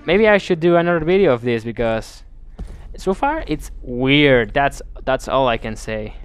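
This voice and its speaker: A man's voice: mid-range voice, animated, normal speed, smooth, faint music behind. A man commenting on a video game as he plays, thinking aloud in a bemused way and often restarting his sentences. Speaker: gameplay commentator. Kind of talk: let's play commentary.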